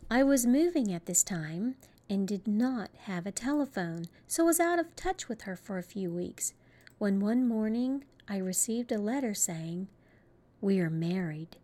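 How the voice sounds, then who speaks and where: Mellow, higher-pitched woman reading calmly. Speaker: audiobook reader. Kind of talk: reading a spiritual self-help text aloud.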